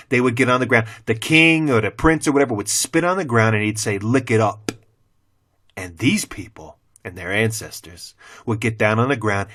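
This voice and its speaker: A middle-aged man, a former teacher, delivering a blunt, profane opinion rant to the camera with heavy cursing and sudden loud swings into mockery. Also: mid-range voice. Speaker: former teacher turned channel host.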